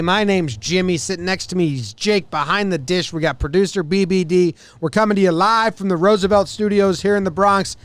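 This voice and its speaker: A man hosting a casual sports podcast, energetic and playful as he banters from a studio. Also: high voice, a little fast, few pauses, dry recording. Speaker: podcast host.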